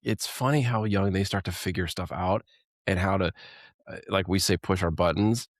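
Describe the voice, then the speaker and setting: A man's voice: deep voice, moderate pace, dry recording, clean studio sound. A man co-hosting a podcast in casual, reflective chat that rambles a little and often breaks into laughter. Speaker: podcast co-host.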